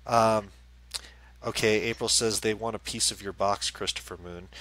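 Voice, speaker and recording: A man's voice: on the low side, steady tone, normal speed, a bit bright, no room sound, low-quality recording. A man co-hosting a live-stream chat as a psychic medium, rambling and joking with stammered restarts.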